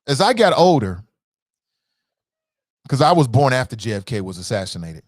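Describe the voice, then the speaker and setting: A talk radio host in his fifties gives a blunt, profane and impassioned monologue, repeating phrases to drive his points home. His pitch swings up and down in a lively way at a moderate pace. The recording is dry and close, with no sense of a room.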